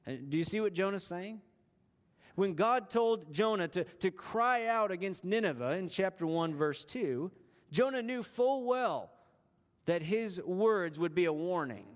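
A man preaching a sermon, retelling a story with dramatic shifts in pace and emphasis. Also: high voice. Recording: long hall reverb.

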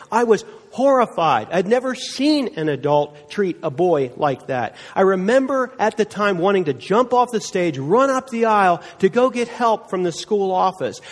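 Man, sermon, earnest storytelling, dramatic pauses, slightly high voice, church hall reverb. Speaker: pastor. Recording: long reverb of a large hall.

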